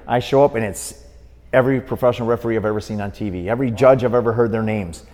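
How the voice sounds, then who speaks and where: A fast-talking man of medium pitch, middle-aged and from Wisconsin, recounts a long story as a guest on a podcast interview. A boxing referee by trade, he brings energy to it by acting out the people he quotes, and a long reverb tail hangs on the sound.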